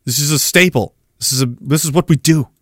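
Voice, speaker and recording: On his livestream podcast, a host with a slightly high voice rants sarcastically, cracks up at his own riffs, and reads out chat comments. He speaks briskly, and the audio is studio quality with no room sound.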